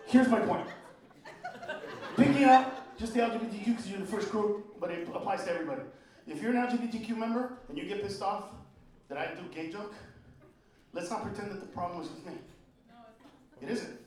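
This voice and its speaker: A man from Honduras doing a brash, profane stand-up set, swinging between shouts and low mutters. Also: a little fast, pauses often, recorded from a distance. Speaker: stand-up comedian. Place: comedy club stage. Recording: roomy live club recording with crowd noise.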